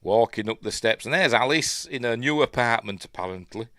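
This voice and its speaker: A man's voice: mid-range voice, lively intonation, a little fast, pushed and bright, no echo, clean studio sound. A Yorkshire man hosting a film review stream, chatting in a rambling, self-deprecating way. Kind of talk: casual livestream commentary.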